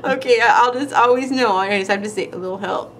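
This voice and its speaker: A woman's voice: fairly high pitch, fast talker, a bit bright, a little hiss or hum. A woman hosting a nail art tutorial, chatting casually and giggling while she paints, sometimes trailing off as she concentrates. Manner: chatty and giggly, with frequent laughs; talks while concentrating, trailing off mid-sentence.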